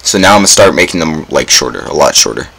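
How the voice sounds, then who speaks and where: A young man talks through a game in a very low, deep voice. His commentary is casual and self-mocking, peppered with groans and sudden dramatic exclamations. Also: expressive, fast, creaky, bright, forceful tone, breathy edge, low-quality recording. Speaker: gaming YouTuber.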